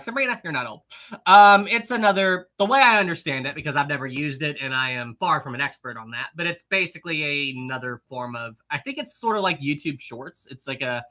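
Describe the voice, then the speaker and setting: Bright-voiced male streamer chatting with viewers. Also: fairly high pitch. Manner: upbeat, greets viewers by name and reads chat aloud. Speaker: live stream host. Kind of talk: casual live stream chat.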